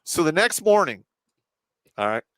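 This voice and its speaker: A man telling army stories on a live stream, full of profanity, laughing often and bursting into loud acted-out quotes. His pitch leaps high and drops low, and the mic sounds close and dry. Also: very animated, unhurried, no echo. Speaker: show host and veteran. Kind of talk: casual storytelling on a live stream.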